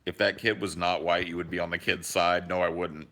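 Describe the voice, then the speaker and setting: Bright-voiced animated young man. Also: sits low, fairly quick. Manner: animated storyteller, swears freely, acts out quotes. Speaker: podcast co-host. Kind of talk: casual podcast chat.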